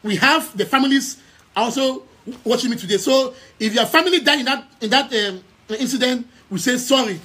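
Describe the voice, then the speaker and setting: In an extremely high pitch that is brisk, bright, forceful and slightly rough, a young man with a Cameroonian English accent speaks to followers over a live stream. An activist from Southern Cameroons and the head of a news outlet, he delivers emphatically, repeating key phrases and stumbling into frequent stammered restarts.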